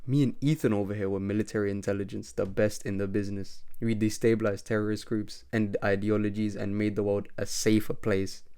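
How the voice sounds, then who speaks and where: A man voicing a ruthless former spy turned villain in an amateur dramatic reading, speaking quietly. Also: on the low side, flat delivery, fairly quick, hardly any pauses, clean tone, natural voice. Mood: menacing.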